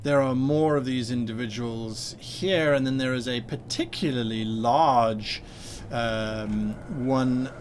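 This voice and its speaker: A man narrating a tabletop game as game master, describing scenes in a relaxed way with fillers. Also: mid-range voice, slow pace, slight background noise.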